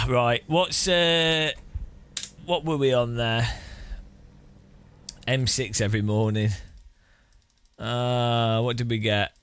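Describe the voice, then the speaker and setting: Slow-talking, giggly man streamer. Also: medium pitch, fairly even intonation, a bit bright, clear, resonant tone. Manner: breaks into long fits of laughter, chatty and self-mocking. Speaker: sim racing streamer. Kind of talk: casual live-stream commentary.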